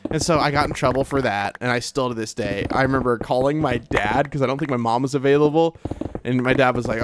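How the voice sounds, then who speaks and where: A man's voice: medium pitch, fast talker, noisy background. A young man telling a long, rambling childhood story in a laid-back way while playing a game, his talk full of "like" and "bro". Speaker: gaming streamer.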